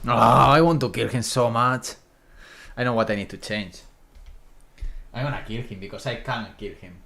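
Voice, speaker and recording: A man with streaming live commentary as he tests his own game, talking to enemies and swinging from loud to muttered. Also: medium pitch, moderate pace, creaky.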